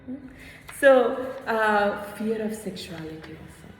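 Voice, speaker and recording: A woman yoga teacher guides her students in a lively, hands-on way, stopping often to check that they follow. Her voice rings around a roomy hall with a long tail of reverb and a faint hum of ambience behind it. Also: medium pitch, measured pace. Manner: animated, checks in with "hmm?", acts out inner voices. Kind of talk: teaching a small class.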